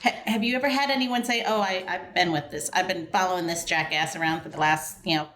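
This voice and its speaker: Low-pitched woman podcast co-host, rambling and emotional. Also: fast talker, a bit bright. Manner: rambling, self-interrupting, emotional. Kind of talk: casual podcast chat.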